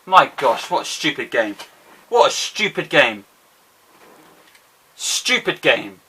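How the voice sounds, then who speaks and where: Excitable young man commentating a game. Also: mid-range voice, slow pace, breathy edge, recorded from a distance. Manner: excitable, self-mocking, exclaims and groans at the game. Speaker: gaming YouTuber. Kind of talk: casual gameplay commentary.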